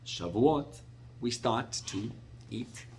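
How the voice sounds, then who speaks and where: A middle-aged man, a rabbi, teaching a Torah class with animated, expressive storytelling and sudden jumps in pitch. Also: drawn-out words, a little hiss or hum.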